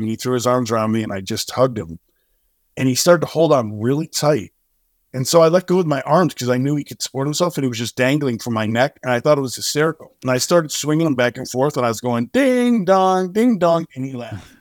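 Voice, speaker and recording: Brief: middle-aged male guest, mid-pitched, vivid storyteller voicing the people in his story, dry close sound. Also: dry recording. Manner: animated storyteller who acts out dialogue. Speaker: charity co-founder and guest; singer-songwriter. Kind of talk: storytelling in a podcast interview.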